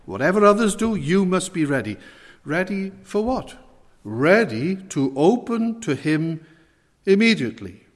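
Slow, earnest male preacher in a reverberant hall. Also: high voice, big pitch swings. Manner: earnest, questioning the listeners directly. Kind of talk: evening sermon.

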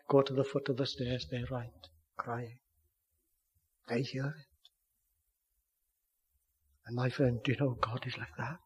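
A man preaching a sermon with earnest pleading, swinging from loud declarations down to hushed near-whispers. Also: mid-range voice, fairly even intonation, measured pace, long pauses, slightly rough, muffled recording.

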